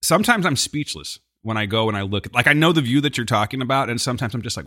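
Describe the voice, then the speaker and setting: A man's voice: mid-range voice, lively intonation, fast, sharp tone, dry recording, studio quality. A man co-hosting a podcast in casual chat, easygoing and joking with frequent laughs. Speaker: podcast co-host.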